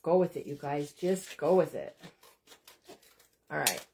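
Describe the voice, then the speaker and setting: A woman's voice: deep voice, lively intonation, measured pace, creaky, darkish tone. A woman hosting a casual crafting livestream from home, chatting to viewers, teasing herself and apologizing often. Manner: chatty, keeps addressing viewers as "you guys"; self-deprecating and apologetic.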